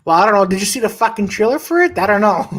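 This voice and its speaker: A fast-talking man with a high, sing-song voice co-hosts a live podcast in casual live-stream chat. He tells a rambling story full of swearing and false starts, breaking away mid-story to shout out viewers.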